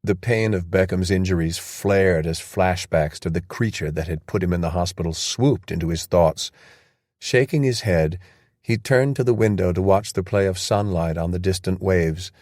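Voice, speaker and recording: A male narrator reads an audiobook in a very deep, steady voice. The recording is close and dry with no room sound. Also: no echo. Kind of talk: scripted narration.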